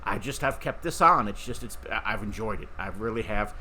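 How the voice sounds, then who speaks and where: Middle-aged man, podcast host, bright tone, chatty and rambling, faint background noise. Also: lowish voice, expressive, fairly quick. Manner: rambling, chatty, with fillers and restarts. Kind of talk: casual talk to camera.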